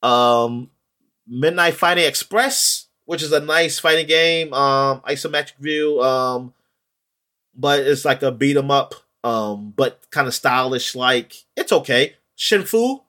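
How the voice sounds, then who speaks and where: A man's voice: medium pitch, takes it slowly, bright, forceful tone. Rambling man chatting casually. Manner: rambling, with many ums and restarts. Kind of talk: casual chat about video games.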